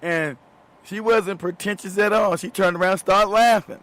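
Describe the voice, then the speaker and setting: A man's voice: high-pitched, fairly even intonation, moderate pace, a bit bright. A man in his fifties hosting a show, telling loose, profane stories, laughing often and repeating himself as he goes. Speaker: show host. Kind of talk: casual storytelling monologue.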